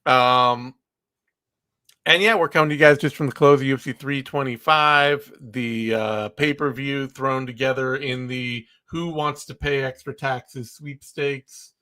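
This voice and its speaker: A man's voice: medium pitch, steady tone, unhurried, pushed and bright. A man hosting a fight podcast, chatting casually and joking with his co-host, opinionated and loose with fillers.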